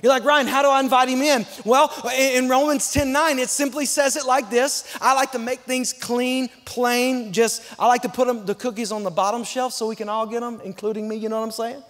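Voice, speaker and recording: A guest pastor from Texas preaching an emphatic sermon and calling on the congregation to answer back, rushing some phrases and stretching out others. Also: male voice, very high voice, fairly even intonation, fairly bright tone. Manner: emphatic, call-and-response with the congregation; swings between fast and slow, drawn-out emphasis. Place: large church sanctuary. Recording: long church hall reverb.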